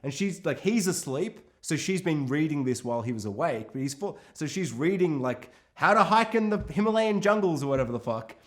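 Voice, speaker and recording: Man, podcast co-host, casual film chat, swears a lot, slightly high voice, very lively pitch. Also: brisk, few pauses. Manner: animated, swearing, acts out characters in quotes.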